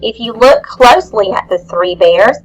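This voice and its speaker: A woman's voice: fairly high pitch, lively intonation, normal speed, faint music behind, poor audio. A woman teacher leading young children through questions about a story, in a patient, questioning way. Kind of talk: guided lesson for young children.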